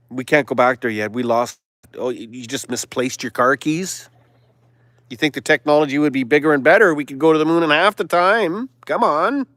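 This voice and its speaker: A man hosting a live stream, delivering a sarcastic, preachy monologue that now and then drops to a hushed whisper. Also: fairly high pitch, clean tone, no echo, studio quality. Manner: sarcastic, mocking asides; preachy, sermon-like exhortation.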